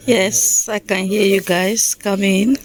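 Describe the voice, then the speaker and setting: Slow, soft-spoken woman on a hospital ward. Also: mid-range voice, steady tone, a crowd in the background. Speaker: new mother filming herself. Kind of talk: casual vlog clip.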